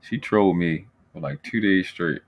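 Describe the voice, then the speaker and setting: A man's voice: deep voice, normal speed. A man hosting a casual panel chat, teasing and bantering with his guests.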